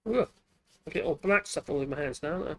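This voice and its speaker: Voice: medium pitch, lively intonation, fast talker, fairly bright tone. A woodworking channel host, chatting casually while demonstrating at the workbench, thinking aloud and correcting themselves as they go.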